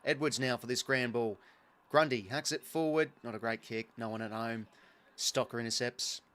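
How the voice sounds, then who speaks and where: A young Australian man giving casual live commentary on a football match he is watching as a fan, chatty and partisan, with excitable bursts. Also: mid-range voice, moderate pace.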